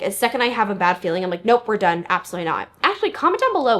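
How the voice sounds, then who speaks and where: A young woman chats straight to the camera at home, candid and loose, swearing freely and wandering off on tangents. Her voice sits at an ordinary middle pitch and is picked up by a close mic. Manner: chatty, candid, swears freely, rambles off topic. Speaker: lifestyle vlogger. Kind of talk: casual chat to camera. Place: indoors at home, getting ready. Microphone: studio mic near camera.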